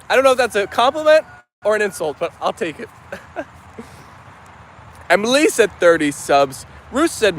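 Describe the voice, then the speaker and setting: Out in a yard with dogs and chickens, a male livestream host talks in a high, fairly bright voice over a slight hiss or hum. His tone is casual, chatty and upbeat as he greets viewers by name and reads out their messages.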